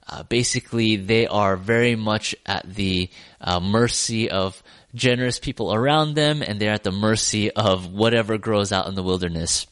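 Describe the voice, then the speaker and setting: Low-voiced man retelling a Bible story. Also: a bit bright, no echo. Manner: conversational, many fillers and restarts, wry asides.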